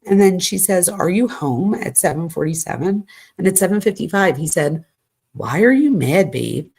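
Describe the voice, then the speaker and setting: A woman's voice: on the low side, animated, normal speed, darkish tone, husky. A woman commentator reading text messages aloud, breaking in with exasperated asides. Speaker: true crime commentator.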